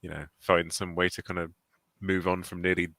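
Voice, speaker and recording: A man's voice: deep voice, level tone, fairly bright tone, dry recording. A man co-hosting a podcast in casual chat, hesitant and full of restarts. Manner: hesitant, lots of fillers and restarts, quick. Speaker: podcast co-host.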